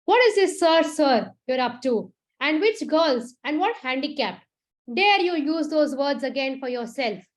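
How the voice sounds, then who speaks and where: A woman doing a loud, furious young man. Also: high-pitched, big pitch swings, normal speed, hardly any pauses. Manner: loud, scolding, demanding. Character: angry young man, a forceful music teacher.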